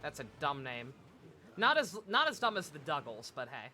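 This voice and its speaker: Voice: mid-range voice, sing-song, moderate pace, bright, forceful tone. A streamer giving casual, irreverent commentary over a game, joking and laughing often. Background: game audio and music.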